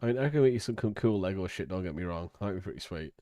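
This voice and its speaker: A man's voice: deep voice, animated, very fast, mellow, no room sound, lo-fi sound. A man giving rambling, crude, hesitant commentary on a livestream.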